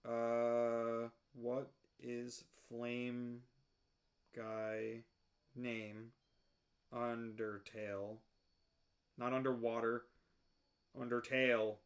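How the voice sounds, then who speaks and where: A woman hosting a let's play, commenting casually and reading game text aloud, full of hesitant fillers with loud swearing outbursts. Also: extremely low pitch, completely flat delivery, very slow.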